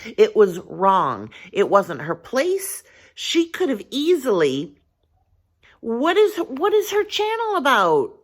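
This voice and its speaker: A woman's voice: on the high side, huge pitch swings, slow. A woman vlogger talking casually to her viewers, earnest and rambling, thinking aloud with frequent restarts and filler phrases. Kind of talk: casual talk to camera.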